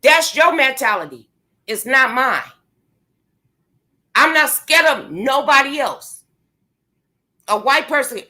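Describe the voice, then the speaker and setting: A woman's voice: high voice, animated, takes it slowly, pauses often, pushed and bright. A woman vlogger, delivering a profane, confrontational rant to her viewers. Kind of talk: angry rant to camera.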